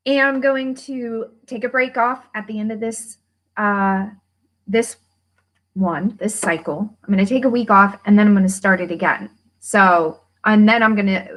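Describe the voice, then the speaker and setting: A woman hosting a casual livestream, chatting with viewers and reading a workbook aloud with lively emphasis, laughing and swearing freely. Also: mid-range voice. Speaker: host of a money-mindset livestream.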